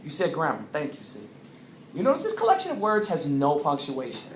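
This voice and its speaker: Lively man speaking to a crowd. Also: a little high, a little fast, a little hiss or hum. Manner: animated, draws answers from the crowd. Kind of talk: interactive talk to a live audience. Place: coffeehouse. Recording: echoey room with loud ambience.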